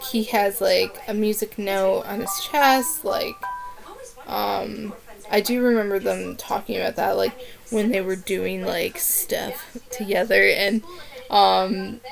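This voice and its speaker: A woman's voice: mid-range voice, vocal fry. A young woman chatting casually in a book review vlog, rambling and gushing with constant "like" fillers.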